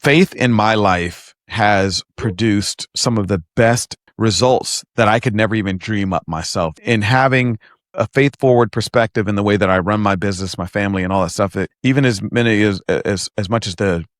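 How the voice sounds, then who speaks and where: A man hosting a podcast interview in a relaxed conversational way, often affirming his guest. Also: lowish voice, moderate pace, no echo, clean studio sound. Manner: affirming, conversational, frequent "mm" and "yeah". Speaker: podcast host. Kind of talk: casual interview chat.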